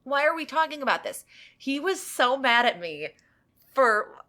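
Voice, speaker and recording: A woman's voice: high voice, big pitch swings, a little slow, sharp tone. A woman co-hosting a podcast, telling a story in casual chat and laughing often. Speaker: podcast co-host.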